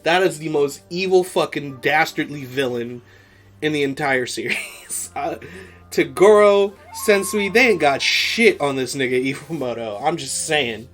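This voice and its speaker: A man hosts a podcast and recaps an anime episode in a loose, chatty way, swearing freely and laughing often. His voice sits on the higher side for a man. Faint music plays behind him. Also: measured pace. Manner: profane, animated, laughs often. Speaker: podcast host.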